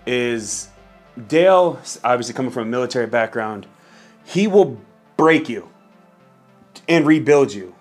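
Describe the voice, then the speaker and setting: A man casually telling a story from his old job to camera, candid and often profane. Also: medium pitch. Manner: candid, profane, laid-back.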